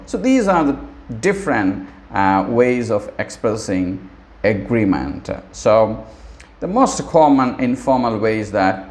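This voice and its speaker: Man, lesson, lively sing-song delivery, checks in with students. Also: measured pace. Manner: lively, explanatory, checks in with "right?" and "okay?"; acts out example phrases with swings in pitch. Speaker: English teacher. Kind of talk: spoken English lesson.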